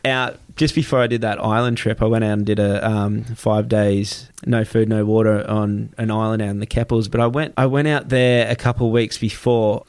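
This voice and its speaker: A man's voice: lowish voice, moderate pace, few pauses, clean tone. A young adult man, hosting a casual chat and acting out quotes as he tells stories. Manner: animated storyteller who acts out quotes.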